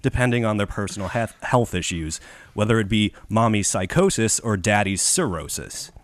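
Man, Chicago accent, low pitch, dry recording, crude casual history chat. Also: expressive, normal speed, no room sound. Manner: irreverent, crude, laughs often. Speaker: podcast host. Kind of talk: casual chat reading from notes.

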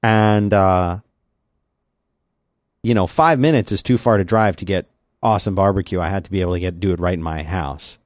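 A man's voice: sits low, normal speed, no room sound, clean studio sound. A man hosting a podcast in casual, rambling chat, full of restarts and asides. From lives in Central Texas. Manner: rambling and lively, with many restarts. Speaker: podcast host.

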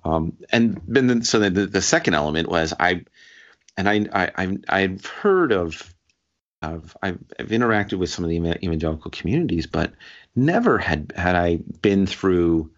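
A man telling a personal story in casual conversation, halting and restarting often and laughing as he talks. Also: low voice, lively intonation. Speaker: guest sharing a story. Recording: dull lo-fi sound.

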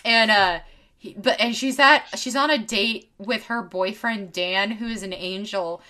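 A woman co-hosting a podcast, telling stories in an animated, sweary way with lots of fillers. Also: medium pitch, unhurried. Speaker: podcast co-host. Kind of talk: casual chat.

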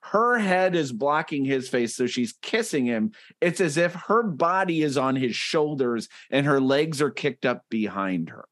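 A man's voice: medium pitch, animated, a little slow, hardly any pauses, a bit bright. A man co-hosting a comedy podcast over a call, sarcastically describing comic strip panels with frequent restarts. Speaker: podcast co-host. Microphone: remote call.

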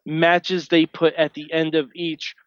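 Male podcast co-host, fairly high voice, laid-back and matter-of-fact, dull lo-fi dry sound. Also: level tone, unhurried, no room sound. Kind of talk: casual podcast chat.

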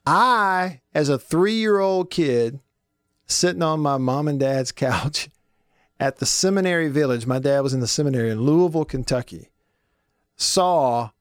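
A man hosting a radio show, telling stories in a folksy, animated way and laughing often. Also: on the high side, a little slow, clean tone, dry recording, clean studio sound. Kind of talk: casual radio talk and storytelling.

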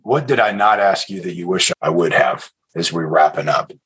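A male podcast host with a very low, husky voice. He speaks in a measured way, affirming his guest's answers and steering the conversation. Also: a bit bright, low-quality recording. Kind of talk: interview questions and wrap-up.

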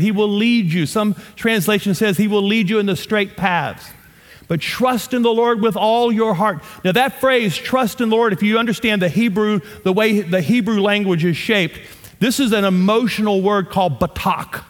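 A man's voice: high-pitched, normal speed, long reverb tail. A man in his fifties with a Southern US accent, from North Louisiana, preaching a sermon with impassioned emphasis and humorous asides. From North Louisiana, USA. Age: 50s. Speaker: pastor.

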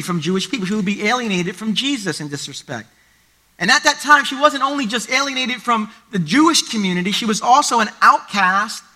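A man's voice: extremely high pitch, sharp tone. A man, a pastor, reading scripture aloud and then preaching a sermon at a church service, explaining the passage through everyday comparisons.

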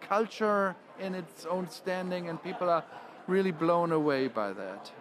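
A man's voice: sits high, unhurried, crowd noise. A man, speaking as a panel guest and often restarting his phrases. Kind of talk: panel discussion.

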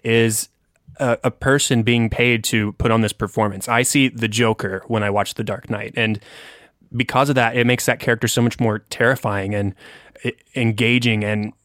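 Earnest podcast host, dry sound. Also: male voice, medium pitch, steady tone, normal speed, fairly bright tone, no room sound. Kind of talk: casual film discussion.

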